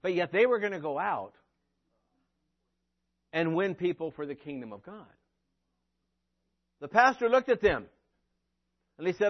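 A man preaching a sermon as pastor, swinging from emphatic peaks to quiet, dry sarcastic asides. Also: high voice, expressive, unhurried, pauses often, dull audio.

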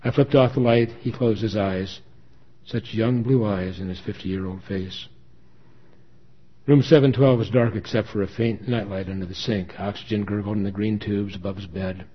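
A man's voice: on the low side, steady tone, normal speed, husky. A man reading a dramatic first-person story with earnest emotion. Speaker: story reader. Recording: dull lo-fi recording.

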